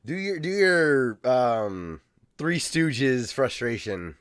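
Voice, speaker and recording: A man's voice: medium pitch, lively intonation, slow, fairly bright tone, smooth, no room sound. A man in his forties co-hosting a podcast, teasing dryly and prompting his co-host. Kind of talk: casual chat.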